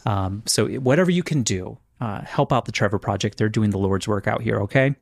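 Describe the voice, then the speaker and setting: A man co-hosting a podcast, chatty and quick to laugh, earnest when giving announcements. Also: on the low side, vocal fry, no echo, clean studio sound. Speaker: podcast co-host. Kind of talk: casual podcast chat.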